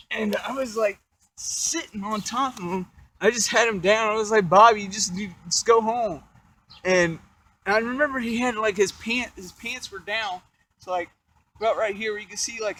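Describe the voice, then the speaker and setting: Excitable young man, high voice. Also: slight background noise, poor audio. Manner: excitable, profane, rambling with fillers. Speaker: vlogger telling a life story. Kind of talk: casual storytelling.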